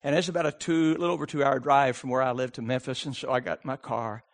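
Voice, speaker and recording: A man preaching a sermon, swinging from shouted pleading to hushed storytelling. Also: medium pitch, little pitch movement, fast talker. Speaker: pastor.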